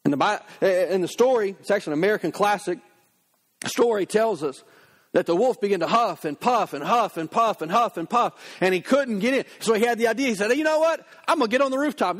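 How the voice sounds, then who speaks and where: Male pastor, sermon, lively conversational storytelling, high voice.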